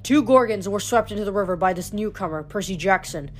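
A woman's voice: mid-range voice, fast talker, a little hiss or hum, close to an everyday voice. A woman voicing a commanding young female officer who addresses her troops formally in a storybook.

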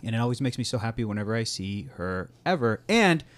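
A man in his thirties hosts a podcast with friends, his voice sitting at an ordinary middle pitch. He rambles loosely, full of fillers and quick laughs, in easy casual chat. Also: big pitch swings. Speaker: podcast co-host.

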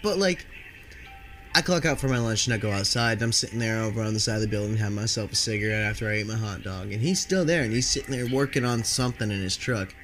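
A man's voice: lowish voice, fast, fairly bright tone, faint music behind. A man casually telling rambling stories from his night shift at a store, laid-back and swearing a lot, sniffling from allergies. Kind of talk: casual storytelling.

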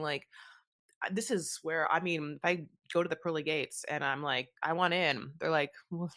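A woman's voice: low-pitched, dry recording, clean studio sound. A woman co-hosting a podcast, chatting casually about a reality show and acting out what people say. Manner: animated, swearing, acts out quotes. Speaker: podcast co-host. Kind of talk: casual recap chat.

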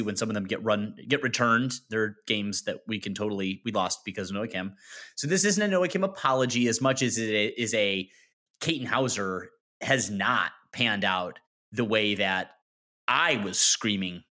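A man's voice: fairly low pitch, moderate pace, pushed and bright. A man co-hosting a college sports podcast, talking in a rambling, self-correcting way. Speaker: podcast co-host. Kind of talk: casual sports chat.

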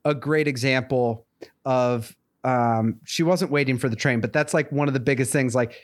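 A man talking loosely in a relaxed podcast chat, circling his point with lots of "like" and "um". His voice sits at an ordinary middle pitch. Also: moderate pace. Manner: rambling, many fillers and restarts.

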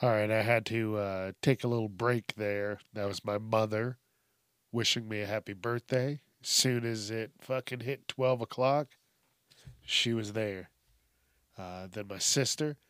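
A man's voice: lowish voice, steady tone, a bit bright, smooth, no room sound. A man in his thirties hosting a solo podcast from a small home studio, rambling and swearing, with lots of fillers and restarts. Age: 30s. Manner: rambling, profane, halting with many fillers. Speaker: podcast host. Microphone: studio microphone.

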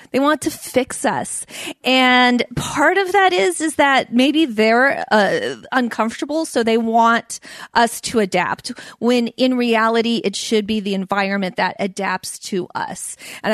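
A woman gives a lighthearted comedic talk to a live audience. She stutters, repeating and blocking on sounds, and laughs often between lines. Her voice sits somewhat high, and the recording is dry and close. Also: a little slow, a bit bright, no room sound.

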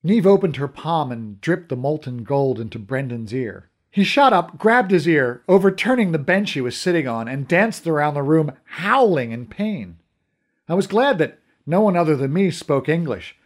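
A man's voice: on the high side, sing-song, moderate pace. A man narrating a story in the first person, reading expressively. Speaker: audiobook narrator.

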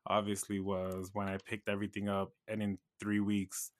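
A man with a low voice talks through his own story in a relaxed podcast chat. His pitch barely moves, which gives his telling a steady, even feel. He speaks casually and unhurriedly. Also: normal speed.

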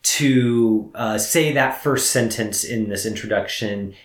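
A man co-hosting a film review podcast, explaining in a measured way with some gentle teasing. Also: fairly low pitch. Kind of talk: conversational podcast talk. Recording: roomy echo.

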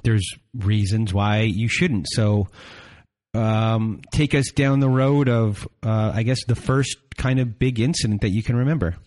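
A man hosts an interview podcast in a low, calm voice. He steers the conversation with steady, guiding questions. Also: a little slow. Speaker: podcast host.

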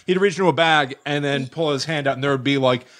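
A man's voice: fairly high pitch, fast, a bit bright. A man co-hosting a podcast, reading a script aloud in a casual chat and often laughing through his lines. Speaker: podcast co-host.

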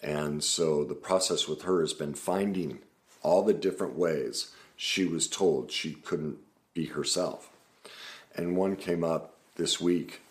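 A man's voice: extremely low pitch, takes it slowly. A man who works as a therapist, talking earnestly to the camera about a client's case. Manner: earnest, explaining. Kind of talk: casual talk to camera.

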